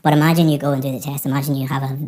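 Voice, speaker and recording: Woman examiner, low pitch, mellow tone, encouraging and explanatory in one-on-one feedback. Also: level tone, rapid-fire. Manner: encouraging, explains with spoken examples. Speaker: English speaking test examiner giving feedback.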